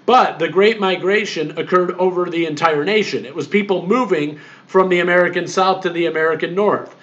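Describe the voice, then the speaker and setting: A history instructor lectures on what to expect from the exam, explaining plainly and emphatically, repeating himself often, and filling pauses with "uh" and "um." His voice is fairly high and fairly bright, he talks a little fast, and the recording is muffled and lo-fi.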